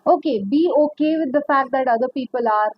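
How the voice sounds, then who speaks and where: A woman's voice: sits high, fairly quick, dry recording, dull audio. A woman giving a pick-a-card tarot reading, chatty and rambling, calling the viewer honey. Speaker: tarot reader.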